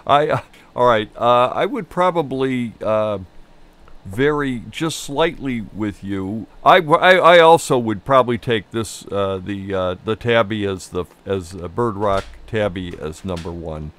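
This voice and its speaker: A man with a Chicago accent chats loosely about coffee as co-host. His voice sits a little low, and he rambles with plenty of fillers and easy laughs. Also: measured pace, a bit bright. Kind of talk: casual tasting chat.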